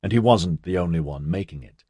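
Male audiobook narrator, low and husky, measured delivery, dry studio recording. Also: mellow, dry recording. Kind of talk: scripted narration.

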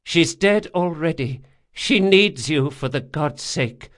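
A man's voice: on the high side, expressive, takes it slowly, a bit bright, pitched above the performer's own voice. A man voicing an aging, grieving woman scholar who pleads insistently. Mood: urgent pleading.

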